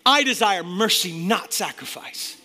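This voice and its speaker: An animated male pastor with a high-sitting voice preaches an impassioned sermon at a measured pace. He shifts between loud, emphatic bursts and quiet, intense moments as he addresses his church.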